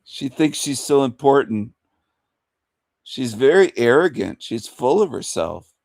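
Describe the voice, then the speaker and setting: A man's voice: mid-range voice, sing-song, a little slow, darkish tone, no room sound, clean studio sound. A man hosting a livestream rant in a mocking, taunting manner, chuckling between insults. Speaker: livestream host.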